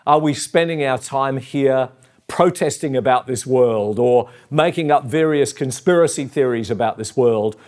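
A man's voice: medium pitch, a little mellow. A middle-aged Australian man preaching a sermon, earnest and personal, with fillers and repeated phrases. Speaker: pastor.

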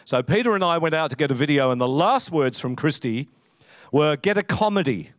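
A man preaching a conversational sermon, telling humorous stories in an animated, chatty way. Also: fairly high pitch, fairly quick, no echo, studio quality. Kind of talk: sermon with storytelling.

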